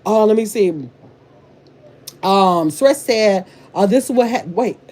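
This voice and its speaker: An older woman, hosting a casual livestream, reading viewer comments aloud and reacting with loud exclamations. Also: mid-range voice, expressive, slow. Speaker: livestream host reading chat.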